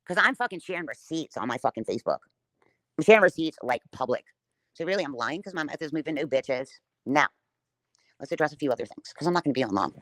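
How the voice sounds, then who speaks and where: A woman's voice: low voice, expressive, fast, no room sound. A woman livestreaming a defiant, profane rant straight at her viewers.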